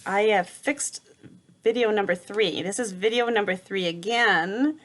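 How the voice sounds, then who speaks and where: A woman reading a children's novel aloud in a calm, steady narrating voice. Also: medium pitch, measured pace, slight background noise. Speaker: reader. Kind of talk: storybook read-aloud.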